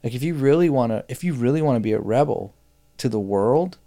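A man's voice: medium pitch, lively intonation, brisk, warm tone. A man co-hosting a podcast, talking casually and breaking into fiery, preachy bursts. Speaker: podcast co-host.

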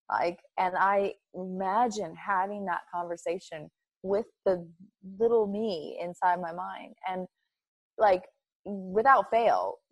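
A woman's voice: fairly low pitch, no room sound. A woman guest speaking earnestly and emotionally in an interview, often repeating words as she starts a thought. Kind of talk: heartfelt interview talk.

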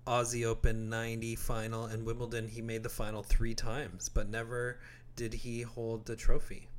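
A man in his forties from Canada, co-hosting a casual podcast and calmly recounting facts. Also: mid-range voice, moderate pace, slight background noise. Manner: steady, informative, recounts facts. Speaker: podcast co-host. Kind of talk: casual chat.

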